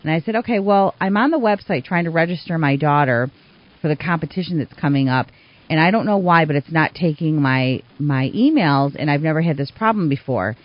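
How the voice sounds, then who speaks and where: A woman hosting a community radio interview show, telling stories in an animated way. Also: deep voice, brisk, no echo. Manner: animated storyteller, acts out quoted voices. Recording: dull, slightly muffled radio sound.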